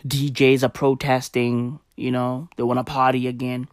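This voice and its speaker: A man's voice: mid-range voice, flat delivery, normal speed, smooth, dry recording, studio quality. A man ranting casually to camera, profane and rambling with lots of slang. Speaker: vlogger.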